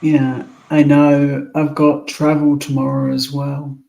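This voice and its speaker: A tired man chatting casually on a live stream, giving calm, dry, short replies. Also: a little high, slow pace, vocal fry, poor audio.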